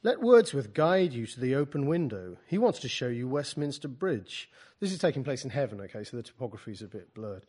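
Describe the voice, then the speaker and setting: A man's voice: mid-range voice, big pitch swings, fairly quick, few pauses, darkish tone. A man from Britain, an author, gives an informal talk to writers, reading from his book and speaking hesitantly and wryly. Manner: hesitant, many fillers and restarts, wry.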